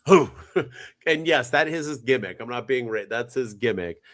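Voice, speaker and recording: A man co-hosting a podcast, chatting casually in an animated, rambling, jokey way. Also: medium pitch, moderate pace. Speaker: podcast co-host. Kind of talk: casual chat.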